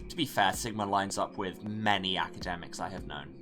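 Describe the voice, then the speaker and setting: A man's voice: deep voice, fairly quick, hardly any pauses. A man playing through a visual novel and dropping sarcastic, wry asides between the lines he reads. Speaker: let's play host. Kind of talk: reading a visual novel aloud with commentary. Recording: game music underneath. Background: game music.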